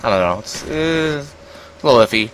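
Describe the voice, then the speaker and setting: A man's voice: medium pitch, animated, moderate pace, fairly bright tone, a little hiss or hum, poor audio. A young man giving casual gameplay commentary, rambling and self-deprecating, with lots of fillers and restarts. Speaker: gaming commentator.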